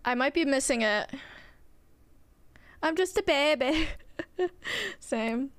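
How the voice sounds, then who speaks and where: A young woman streams a game and chats casually with viewers, rambling and swearing often as she talks to chat. Her high-pitched voice is slow and a bit bright with lively intonation, in a dry recording.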